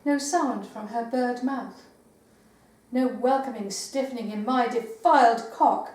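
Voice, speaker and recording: An older woman poet giving a live poetry reading in a meeting house, with measured recitation and hesitant spoken asides. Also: on the high side, a little mellow. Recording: roomy live recording from far off.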